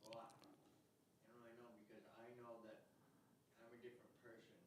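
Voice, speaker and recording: A man in the audience asking a halting question, stopping to search for words. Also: mid-range voice, monotone, husky. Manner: halting, full of fillers. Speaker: audience member. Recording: faint and far from the mic.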